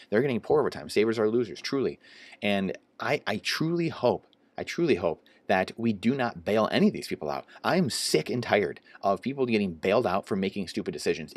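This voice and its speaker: Male vlogger, low-voiced, rapid heated rant, close and dry. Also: no echo. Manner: heated, indignant, emphatic. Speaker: investing vlogger. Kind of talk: solo rant to camera.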